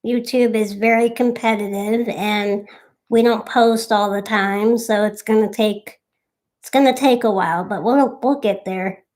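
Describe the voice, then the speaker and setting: A woman's voice: medium pitch, steady tone, unhurried, a little mellow. A young woman co-hosting a casual live stream, chatting and thanking viewers by name.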